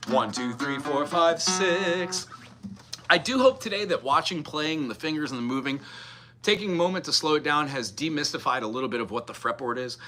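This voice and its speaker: A fairly high-pitched, animated man from the mainland United States teaches guitar in a live-streamed lesson at a normal speed. The music teacher chats and thinks aloud while scatting melodies. Loud guitar playing sits under his voice.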